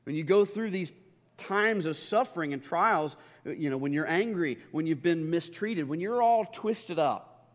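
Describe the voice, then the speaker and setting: Guy preaching in church, kinda high voice, chatty then gets loud and emphatic, big echoey hall. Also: lively intonation, measured pace. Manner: conversational, swells to emphatic peaks. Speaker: pastor. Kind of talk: sermon. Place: church sanctuary. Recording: long hall reverb.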